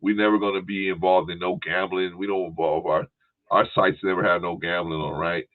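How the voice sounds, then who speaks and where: A man's voice: low voice, flat delivery, fairly quick. A male podcast host chatting casually, with a laid-back, rambling manner and frequent "right?" and "y'all". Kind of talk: casual chat. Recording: tinny phone-like line.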